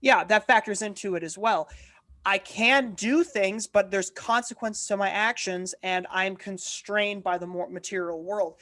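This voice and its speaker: Woman, podcast co-host, impassioned, argumentative, restarts sentences, mid-pitched voice. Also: measured pace, a bit bright. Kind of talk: political discussion podcast.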